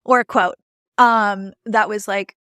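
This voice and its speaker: A woman's voice: medium pitch, steady tone, slow, a bit bright, smooth, dry recording, clean studio sound. A woman hosting a podcast, chatting casually and often restarting her questions mid-sentence. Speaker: podcast host. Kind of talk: casual interview chat.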